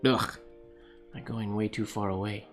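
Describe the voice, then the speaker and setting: A Canadian man hosts a live calligraphy stream, chatting casually and thinking aloud while he writes. He laughs often and answers viewers, his lowish voice flat and a little slow over soft background music.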